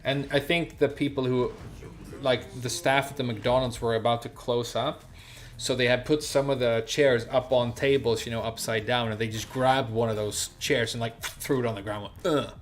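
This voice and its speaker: A young man streaming a game and telling a story in a relaxed, rambling way, full of fillers. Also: medium pitch, moderate pace. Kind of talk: casual storytelling while gaming.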